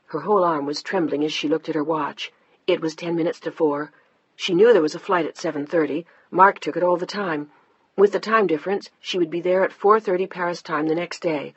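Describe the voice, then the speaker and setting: A measured audiobook narrator reading a novel in an even storytelling voice. The tone is husky and the recording dry and muffled. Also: medium pitch, dry recording. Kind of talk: scripted narration.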